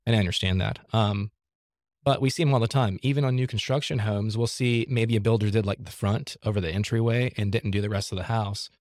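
A man's voice: on the low side, steady tone, brisk, a little mellow, no room sound, studio quality. A man who works as a home inspector, answering questions in a casual podcast interview in a practical, easygoing way.

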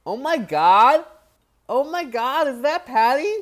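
A man voicing an exaggerated, starstruck American fan in a high, loud, overdone mock accent. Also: very animated, moderate pace, exaggerated voice. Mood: gushing.

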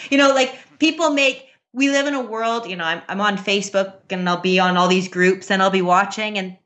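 A woman in her thirties in casual conversation about parenting, earnest and quick to laugh, with many restarts. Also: medium pitch, bright, forceful tone. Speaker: parent guest. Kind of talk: casual podcast chat.

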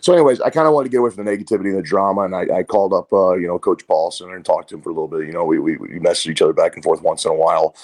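A man's voice: low-pitched, rapid-fire, few pauses. A man, a martial arts coach, talking casually as an interview guest and telling stories with quoted voices. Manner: storytelling, animated with quoted voices.

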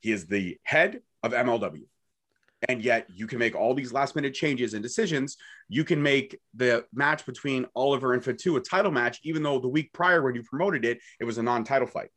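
A man's voice: mid-range voice, a little fast, a bit bright. A man co-hosts a casual wrestling chat. He talks in a brash, joking way. He swears freely as he goes. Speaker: podcast co-host.

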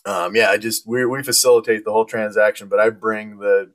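A man's voice: lowish voice, fairly quick. A man in his forties in casual conversation, telling stories with frequent laughs. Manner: animated storyteller, laughs often. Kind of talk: casual chat.

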